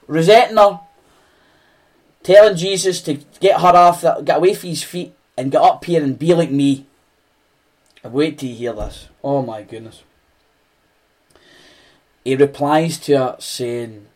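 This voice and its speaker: A Scottish man preaches in an earnest, conversational way, often circling back and restarting his phrases. His pace is unhurried and his voice sits a bit higher than most men's. It has the loose, spoken feel of a sermon to a small group. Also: darkish tone.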